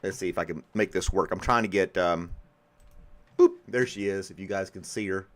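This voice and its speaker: A man's voice: low voice, normal speed. A man hosting a podcast in casual chat, often breaking into laughter. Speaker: podcast host.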